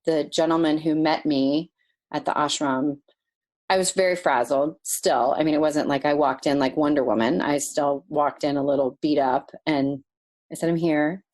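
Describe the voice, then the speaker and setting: A woman guest telling a personal story in a podcast interview, animated and emotional, laughing now and then. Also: low-pitched, normal speed.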